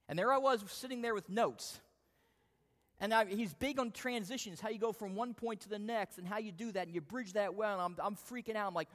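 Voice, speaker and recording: Male pastor, high voice, animated story-driven sermon in a reverberant sanctuary. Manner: storytelling, animated, self-deprecating. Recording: long hall reverb.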